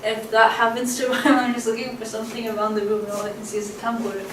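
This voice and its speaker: Fast and fairly bright, with a fairly high, level-toned voice, a woman teaches a casual poetry lesson picked up by a distant camcorder mic. Her chatty delivery, thick with ums and uhs, includes tapping out stress patterns aloud, all in an echoey room with a faint background hum.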